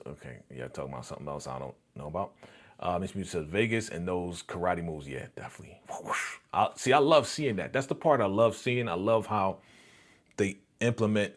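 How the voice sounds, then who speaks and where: A young man hosting a live reaction stream, retelling scenes animatedly and answering viewer comments in casual chat. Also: deep voice. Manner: animated retelling of scenes, acting out characters' lines.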